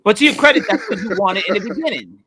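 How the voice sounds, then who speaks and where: A man co-hosting a podcast, talking sports in a casual, animated way and laughing easily. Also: sits high, fast, a little hiss or hum. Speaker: podcast co-host.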